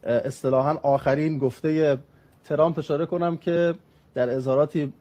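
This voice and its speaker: A male television presenter from Iran speaks at a very quick clip, with a slightly raised pitch. He speaks formally and leads his guest with questions. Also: steady tone, mellow. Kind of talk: state TV presenting.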